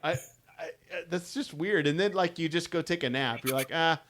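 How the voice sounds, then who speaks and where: A man's voice: on the high side, moderate pace, a bit bright, a little hiss or hum. A man co-hosting a podcast, chatting casually and reading a story aloud, easygoing with frequent chuckles. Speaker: podcast co-host.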